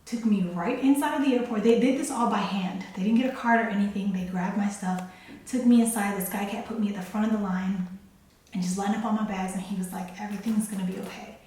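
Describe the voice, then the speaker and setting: A woman's voice: mid-range voice, a little fast, darkish tone. A young adult woman telling a personal story in a casual vlog, chatty and emotional, often breaking into a laugh. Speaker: vlogger. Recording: echoey room, distant mic.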